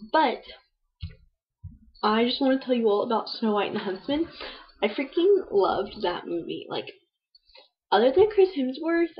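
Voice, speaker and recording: A young woman chatting casually into her webcam about books she has read, rambling and filling gaps with "um" and "like.". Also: mid-range voice. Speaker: book vlogger. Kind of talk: casual book review chat. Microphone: webcam microphone. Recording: dull lo-fi webcam audio.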